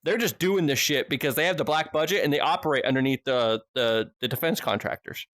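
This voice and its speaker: A man spins a rambling story in a casual podcast conversation, peppering nearly every sentence with swearing and restarting his thoughts. His voice sits in a middle pitch, and the recording is dry and close with no room sound. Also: a little fast, fairly bright tone, no echo. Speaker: podcast guest or host.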